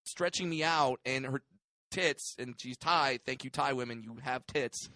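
A man's voice: mid-range voice, measured pace, sharp tone, no echo. A man co-hosting a casual comedy podcast, rambling and laughing as he tells stories. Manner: rambling, laughing, heavy use of fillers like "like". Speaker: podcast co-host.

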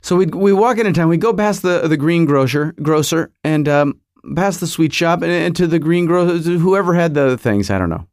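A man's voice: on the high side, normal speed, few pauses, a little mellow, dry recording, studio quality. A middle-aged American man hosting a podcast, telling a rambling, nostalgic story that keeps stopping and restarting as he searches his memory. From United States. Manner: nostalgic, self-interrupting, searches memory aloud. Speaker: podcast host. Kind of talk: rambling monologue.

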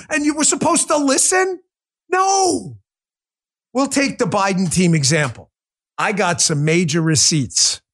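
A man's voice: very high voice, fairly bright tone. A male talk show host doing political commentary, combative and sarcastic, firing rhetorical questions straight at his listeners.

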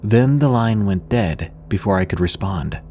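A man narrating a first-person work story in a steady, scripted storytelling delivery. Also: on the low side, measured pace, slight background noise. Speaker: podcast narrator.

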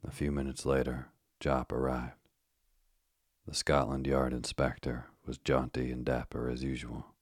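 An audiobook narrator with a slightly rough bass voice reads a scripted first-person story in a measured, steady way. The recording is dry, with clean studio sound.

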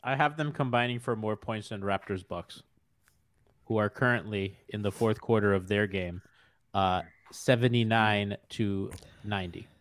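A man's voice: on the low side, moderate pace. Dry-humored male podcast co-host. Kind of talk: casual podcast chat.

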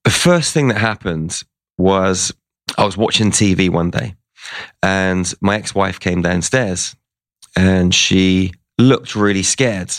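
As an interview guest, this low, gravel-edged man tells a story at a slow pace, voicing the people in it in a casual way. The sound is dry and close, with no room sound.

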